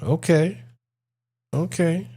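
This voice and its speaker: A man hosting a live stream, reacting to clips and chatting casually with his audience in a loud, profane, joking way. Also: a little high, slow pace, slightly rough. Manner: excited, profane, laughing banter with chat.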